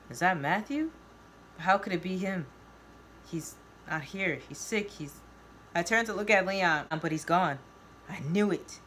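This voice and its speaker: Woman reading her novel out loud, lowish voice, bit of faint noise behind. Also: unhurried, pauses often. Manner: expressive, voices each character. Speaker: reader of her own novel.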